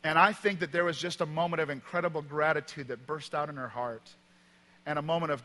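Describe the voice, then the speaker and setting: Male pastor, sermon, fairly high and bright voice, emphatic storytelling, long church reverb. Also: fairly even intonation, a little fast. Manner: emphatic storytelling, swings from loud to quiet. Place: church auditorium.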